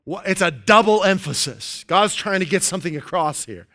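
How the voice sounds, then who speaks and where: A man preaching a sermon, emphatic and playful, repeating key phrases and reading scripture slowly. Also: sits high, expressive, pushed and bright. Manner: playful asides, chuckles at his own jokes.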